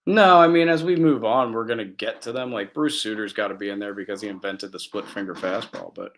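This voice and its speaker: A man's voice: on the low side, fairly quick, a bit bright. A man co-hosting a casual talk show, hesitant and jokey, often restarting his sentences. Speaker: podcast co-host. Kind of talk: casual chat.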